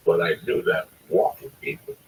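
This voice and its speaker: A man's voice: sits low, moderate pace. A middle-aged man with a New York accent, a stand-up comedian telling blunt, profane stories in casual chat. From New York City. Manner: blunt, profane, excitable storytelling. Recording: distant mic, faint background noise.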